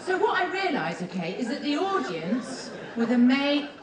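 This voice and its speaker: Giggly excitable woman on a theatre stage. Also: high voice, normal speed, over a noisy crowd, heavy background noise. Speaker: award winner giving acceptance speech. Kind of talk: acceptance speech. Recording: echoey theatre, far from mic, loud audience. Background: audience laughter.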